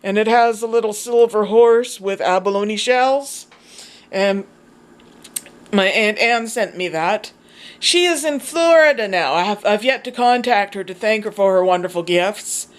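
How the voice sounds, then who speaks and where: A chatty woman talks through her handmade pieces in a relaxed home vlog. She rambles cheerfully and restarts her sentences. Her voice sits at an ordinary middle pitch. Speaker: vlogger. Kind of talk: casual show-and-tell vlog.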